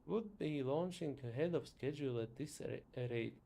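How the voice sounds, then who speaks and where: A man reads out a pompous, greedy factory owner who looks down on his workers. He speaks loudly with haughty indignation. The voice is dark and gravelly. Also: fairly high pitch, normal speed.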